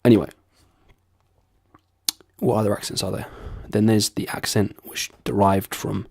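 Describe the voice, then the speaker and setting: A man's voice: lowish voice, little pitch movement, a little slow, vocal fry, darkish tone, slightly rough, dry recording, clean studio sound. A man from London with a London accent, chatting casually as he explains accents and drifts between registers. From London, England. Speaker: accent video host.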